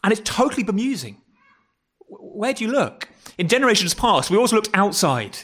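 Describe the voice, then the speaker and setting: Man, preacher, fairly high voice, conversational sermon, repeats words, rhetorical questions. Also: big pitch swings, fairly quick, a bit bright. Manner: stumbles and repeats words, corrects himself. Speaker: pastor. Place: church.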